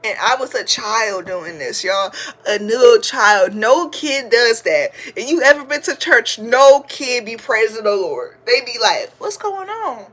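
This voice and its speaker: A woman in her twenties hosting a podcast, telling a funny story in a chatty, slangy way, sometimes breaking into loud shouted praise. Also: fairly high pitch, expressive, a little slow. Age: 20s. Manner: slangy, chatty, addresses listeners as y'all. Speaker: podcast host. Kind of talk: casual storytelling to listeners.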